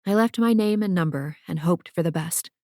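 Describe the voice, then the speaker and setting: A woman's voice: on the low side, normal speed, mellow, no echo. A woman narrating a first-person novel for an audiobook in a dry, wry way, on a close studio mic.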